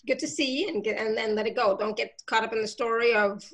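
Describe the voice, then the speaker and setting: A woman hosting a live call, reading out viewer comments in a casual, reassuring, chatty way, her throat catching and gravelly. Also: on the high side, steady tone, fast talker, a bit bright. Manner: reassuring, chatty, with many fillers. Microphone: video call.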